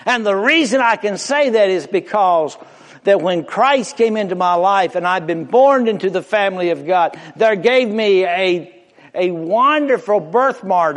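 A man preaching a sermon to a congregation in a church, impassioned, swinging from loud emphatic rises to hushed near-whispers. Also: sits high. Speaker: pastor. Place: church sanctuary before a congregation. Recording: long reverb of a large hall.

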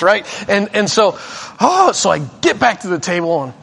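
A male preacher telling a personal story in a sermon. He is animated and self-deprecating and often restarts his sentences. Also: high-pitched, fairly quick, gravelly, slightly rough.

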